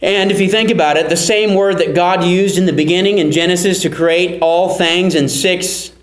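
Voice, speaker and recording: High-voiced man preaching in an echoey room. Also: steady tone, normal speed. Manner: earnest teaching, repeats key phrases for emphasis. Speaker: pastor. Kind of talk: sermon.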